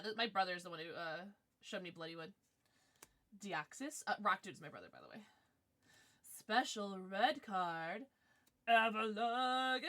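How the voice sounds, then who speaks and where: A woman streamer chatting casually with viewers as she opens trading cards, excitable and quick to gasp and squeal. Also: lowish voice. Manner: excitable, gasping and squealing at pulls. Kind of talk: livestream chat while opening trading cards.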